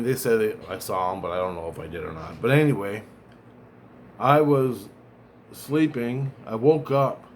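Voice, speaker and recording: With a mid-range voice and a faint hiss or hum in the background, a man vlogs about his own experiences at length. He swears freely, strays from the point, and frequently backs up to correct himself.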